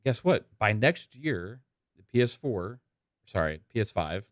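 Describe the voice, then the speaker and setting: A man's voice: fairly low pitch, big pitch swings, a little slow, no echo, studio quality. A man from Texas hosting a gaming podcast in a laid-back, casual way, with many fillers. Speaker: podcast host. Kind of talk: casual chat.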